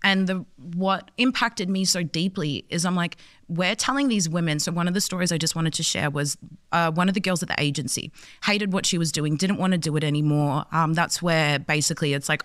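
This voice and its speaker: A woman's voice: fairly low pitch, fairly quick, dry recording. Woman in her 20s, earnest interview guest, acts out quotes, dry close sound. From Australia. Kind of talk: passionate conversational storytelling.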